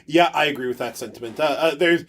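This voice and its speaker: A man's voice: on the high side, fast, a bit bright, slight background noise. A man co-hosting a casual gaming podcast, joking and mocking himself, often stumbling and restarting his words. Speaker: podcast co-host.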